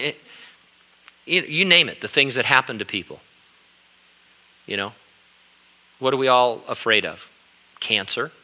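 An older pastor preaches in an earnest, conversational way, often restarting his sentences. His voice is strikingly bright and forward, and its pitch sits in an ordinary middle range. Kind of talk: sermon.

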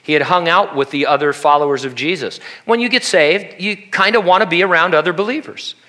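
A pastor preaches in a bright, forceful, fairly high voice at a fairly quick pace. He stays conversational, tossing in humorous asides and acting out the lines he quotes.

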